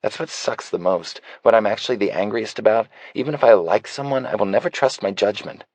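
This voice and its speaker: A man's voice: lowish voice, a little fast, a little mellow, no echo, pitched above the performer's own voice, close to an everyday voice. A man reading an audiobook voicing a sassy, teasing young woman bartender. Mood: frustrated. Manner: teasing, exasperated. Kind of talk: audiobook character voice.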